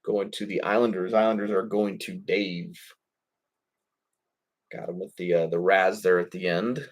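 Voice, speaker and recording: A man with a somewhat low voice hosts a live card break. He calls out each pull in a loose, rambling way, with a stray curse and a quick chuckle here and there. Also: fairly even intonation. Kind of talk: live card-opening commentary.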